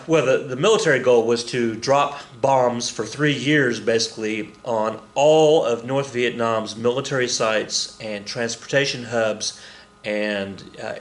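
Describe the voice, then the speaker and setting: A man's voice: medium pitch, fairly bright tone, slight background noise. A man teaching a history lecture in a casual, joking way, often repeating key points for emphasis. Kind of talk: recorded classroom lecture. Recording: echoey room.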